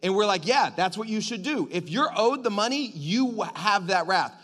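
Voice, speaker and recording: A man preaching a sermon in a lively, joking way, getting the congregation to call back to him. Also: high-pitched, normal speed. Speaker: pastor.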